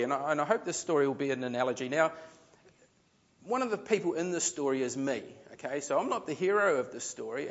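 A man preaches a sermon as a loose, chatty story, circling back and restarting his sentences. His voice sits fairly high for a man. The recording is dull and lo-fi. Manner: chatty, rambling storyteller with frequent restarts and fillers. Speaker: pastor.

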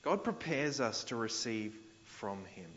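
A man's voice: mid-range voice, expressive, unhurried, fairly bright tone, slight background noise. Australian male pastor, mid-range voice, casual sermon delivery with slangy asides; slightly dull recording. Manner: conversational, paraphrases scripture in slang.

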